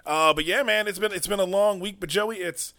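A man hosting a comedy podcast, loud and excitable, laughing often, his voice a little strained. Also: sits high, fairly quick. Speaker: podcast host. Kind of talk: casual chat.

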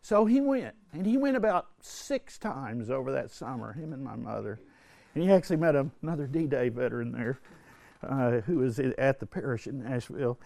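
An older man telling a personal story to a religious retreat group, earnest and halting, often restarting his sentences. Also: medium pitch, lively intonation, gravelly, a little mellow, dry recording. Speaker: retreat speaker. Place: indoor retreat hall.

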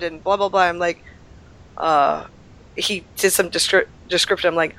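A woman's voice: medium pitch, normal speed, a bit bright. A woman chatting casually, telling rambling travel stories with lots of fillers, still getting over an illness. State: recovering from illness. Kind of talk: casual chat.

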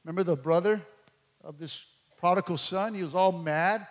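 A man's voice: high-pitched, normal speed. A man preaching a sermon as a pastor, emphatic and conversational, pressing his points home.

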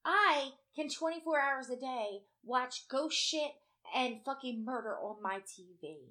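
A high-voiced woman co-hosts a casual chat, telling an animated story at an unhurried pace. She swears heavily and acts out the quotes.

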